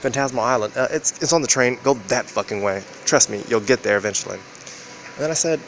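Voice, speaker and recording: A man vlogging in a rambling, profane monologue, acting out quoted exchanges with sudden jumps in pitch. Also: a little fast, a little hiss or hum. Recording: loud background ambience.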